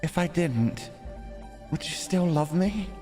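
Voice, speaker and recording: A man's voice: a little high, animated, slow, warm tone, long reverb tail, soft background music, voice pushed up. A man voicing a proud, anxious young noblewoman with a lightly raised, pleading voice for a visual novel.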